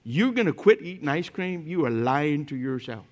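Mocking devil, male, needling tone, slightly high-pitched, as a preacher puts him on. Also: big pitch swings, moderate pace.

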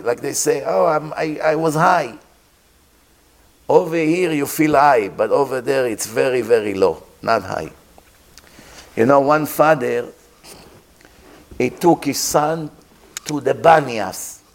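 A man giving a sermon as a rabbi, telling a story with pauses and acted-out sounds. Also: mid-range voice, expressive.

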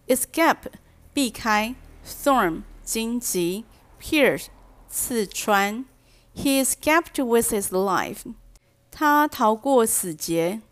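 Woman going through a fairy tale word by word for learners, slow careful delivery, kinda high voice. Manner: slow, deliberate reading with line-by-line translation and explanation. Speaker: English teacher. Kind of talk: bilingual storybook lesson.

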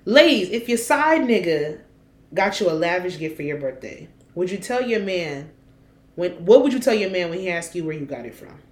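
Woman podcast host, lowish voice, lively pitch, blunt and swearing, echoey room. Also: normal speed. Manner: blunt, animated, swears freely. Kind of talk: casual chat.

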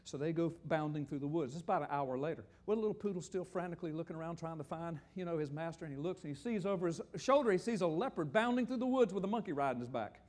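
An older man preaching a sermon, animated and joking, often asking the audience questions. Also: a little high, quick pace, few pauses. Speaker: pastor. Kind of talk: sermon teaching with slides.

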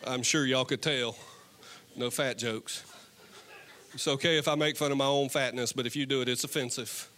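A man's voice: medium pitch, steady tone, moderate pace. A man preaching a sermon as pastor, moving between fervent appeals and joking stories. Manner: impassioned, then joking storytelling. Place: church stage. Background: soft guitar worship music.

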